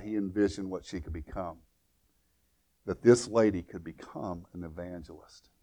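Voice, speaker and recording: Man preaching a storytelling sermon. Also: fairly low pitch. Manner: storytelling with frequent repetitions and restarts, swinging from loud to hushed. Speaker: pastor.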